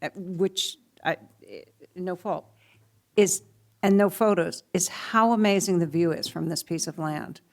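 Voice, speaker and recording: A woman's voice: on the low side, a little slow, darkish tone. A woman board member speaking in a chatty, enthusiastic way at a meeting.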